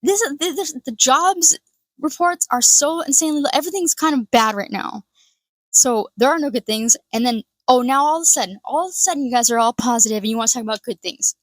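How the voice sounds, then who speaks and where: A woman's voice: sits high, a little fast, fairly bright tone, dry recording. A woman giving a profane, sarcastic reaction commentary, swearing often and mocking others in put-on voices.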